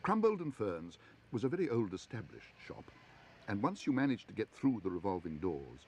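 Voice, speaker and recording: A man streaming from home, reading a children's storybook aloud in an expressive, animated way. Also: fairly low pitch, moderate pace, slight background noise.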